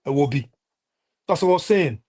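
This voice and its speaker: A man's voice: on the high side, lively intonation, fairly quick, a little mellow, slightly rough. A man with a Nigerian accent delivering a heated, impassioned political rant on a live stream, repeating himself and restarting often. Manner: impassioned, repetitive, many restarts and fillers.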